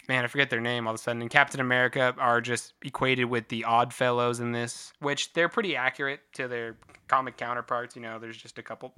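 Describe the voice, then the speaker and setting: A man's voice: mid-range voice, clear, resonant tone. A man chatting casually about a film, laughing often and acting out lines. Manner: animated, laughs often, acts out quotes. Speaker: co-host reviewing a film. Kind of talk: casual chat.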